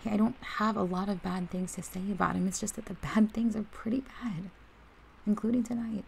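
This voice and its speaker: A woman's voice: medium pitch, steady tone, fairly quick, gravelly, a little hiss or hum, rough recording. A young woman voicing a protective best friend in a whispered role-play, swinging between heated and tender as she speaks straight to the listener. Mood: gentle, comforting. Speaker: ASMR role-play performer.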